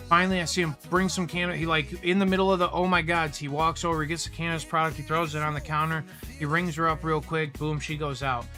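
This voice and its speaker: A man chats casually on a livestream, spinning long, rambling customer stories peppered with swearing. His voice sits a little high and comes across bright and forceful, with faint music playing underneath. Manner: rambling, profane, animated retelling of customer stories. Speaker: livestream host. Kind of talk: casual storytelling chat.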